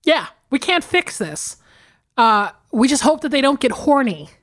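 A woman in her forties with a fairly high voice co-hosts a movie podcast. She tells stories in an animated, profane way and laughs often. Her talk is loose and casual. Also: unhurried. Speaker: podcast co-host.

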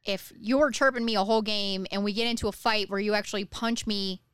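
A middle-aged woman in a casual chat, asking probing questions and halting with fillers. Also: mid-range voice, fairly even intonation, a bit bright, smooth, no echo.

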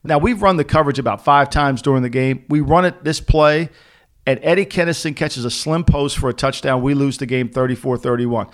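A middle-aged man co-hosting a casual sports talk show, telling lively anecdotes and acting out the people in them. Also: mid-range voice, a little fast. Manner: animated anecdote-teller, acting out quoted voices. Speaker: podcast co-host, former NFL executive. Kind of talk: casual storytelling chat.

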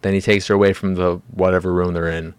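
A man's voice: low-pitched, level tone, fast talker, clear, resonant tone, no echo. A man hosting a solo podcast, ranting in a profane, exasperated way and mocking characters in put-on voices. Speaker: podcast host.

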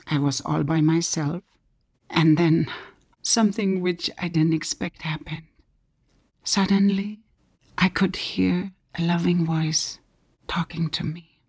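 A middle-aged woman speaks in a deep, gravelly voice with a breathy, husky edge. She tells her story earnestly and often sinks to a soft near-whisper. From Germany. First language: German. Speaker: author. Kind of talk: personal book introduction talk.

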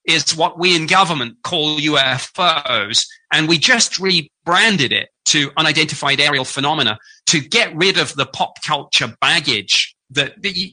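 A man's voice: on the high side, sharp tone, low-quality recording. A man who once worked in government, explaining things in an interview and stumbling now and then. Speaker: former government official. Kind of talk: interview answer.

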